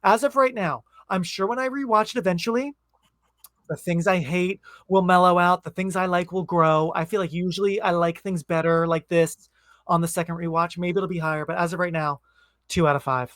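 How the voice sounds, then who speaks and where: A man's voice: high voice, fairly even intonation, brisk, fairly bright tone, no room sound, studio quality. A man co-hosting a movie podcast, chatting casually and rambling with lots of asides. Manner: rambling, self-interrupting, trailing asides. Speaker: podcast co-host. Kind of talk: casual movie review chat.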